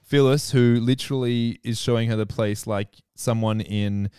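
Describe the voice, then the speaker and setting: A man co-hosting a podcast, casually recapping a TV episode in a relaxed, rambling way. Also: mid-range voice, moderate pace, clean tone, no room sound, clean studio sound. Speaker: podcast co-host. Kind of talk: casual chat.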